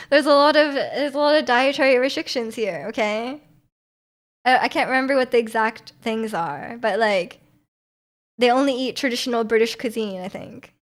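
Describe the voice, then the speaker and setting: A woman's voice: a little high, unhurried, long pauses. A woman, from Vancouver, chatting casually with her stream viewers in a rambling, giggly way full of fillers. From Vancouver, Canada.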